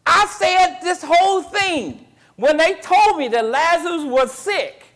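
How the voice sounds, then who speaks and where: High-voiced animated man teaching scripture. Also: slow. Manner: quizzes the class with call-and-response questions; colloquial and animated, acting out the story. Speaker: Bible class teacher. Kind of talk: teaching a Bible class.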